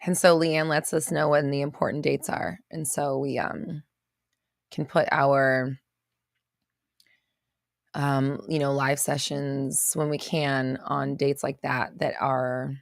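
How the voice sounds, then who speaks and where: A woman's voice: very deep voice, flat delivery, slow, creaky, dry recording, studio quality. A woman hosting a casual livestream, greeting viewers by name and reading out their comments in a chatty way. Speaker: livestream host.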